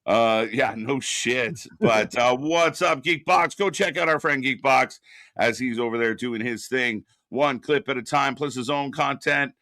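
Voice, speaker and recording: Bright, chatty man hosting a live stream. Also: mid-range voice, measured pace, no room sound, studio quality. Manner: loose and chatty, greets viewers in the chat by name. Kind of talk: casual live reaction chat.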